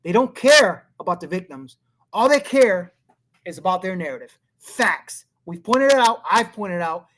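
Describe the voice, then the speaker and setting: A man's voice: sits high, lively intonation, normal speed, a bit bright, slight background noise. A man hosting a show with casual political commentary, talking in a rambling, blunt way and often laughing. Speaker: show host.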